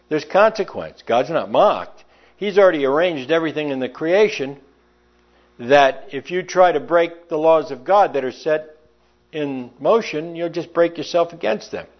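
A man preaching a sermon in a folksy, emphatic way, telling stories and reading scripture, in a lo-fi recording. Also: a little high.

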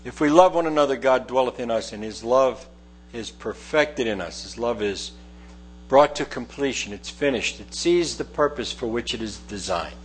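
A man's voice: medium pitch, animated, normal speed, breathy edge. A man preaching a verse-by-verse sermon from a lectern, earnest and emphatic, repeating key phrases. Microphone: lectern microphone. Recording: mains hum in background.

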